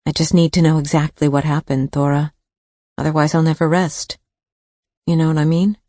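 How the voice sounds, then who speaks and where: A woman's voice: deep voice, little pitch movement, moderate pace, mellow, dry recording, studio quality. A woman voicing a persistent adult daughter who asks direct, probing questions, in an audiobook.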